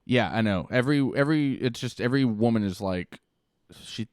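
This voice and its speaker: A man co-hosting a podcast, rambling in deadpan ironic banter and laughing often. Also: mid-range voice, fairly quick, smooth, no room sound, clean studio sound. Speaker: podcast co-host.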